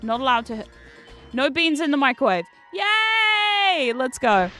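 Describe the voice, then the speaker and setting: A woman's voice: high voice, lively intonation, normal speed, soft background music. A young woman, British by birth, chatting and swearing through a game stream as a VTuber host. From Britain. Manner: chatty, swears, bursts of frustrated shouting. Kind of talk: casual gameplay commentary.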